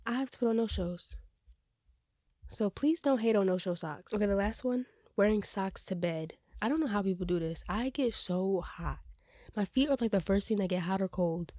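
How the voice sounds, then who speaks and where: A woman's voice: medium pitch, no room sound. Young woman, congested, casual opinionated podcast host, dry close sound. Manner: chatty, opinionated, animated. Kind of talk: casual chat.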